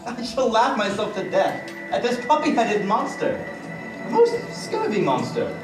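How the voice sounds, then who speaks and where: A man playing a jittery, mocking jester on stage, excitable and giggly, recorded from far off in an echoey hall. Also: sits high, a little slow, full character voice. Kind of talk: live stage acting. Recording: echoey, distant stage mic with music.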